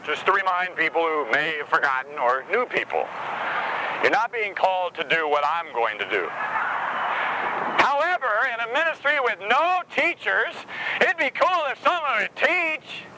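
A man preaching a sermon in a joking, sarcastic way, full of rhetorical questions and animated swings in delivery. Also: sits high, moderate pace, noisy background. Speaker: pastor.

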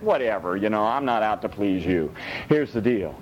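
A male pastor preaching a sermon, blunt and animated, swinging between high and low. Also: fairly quick. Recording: dull lo-fi with faint rumble.

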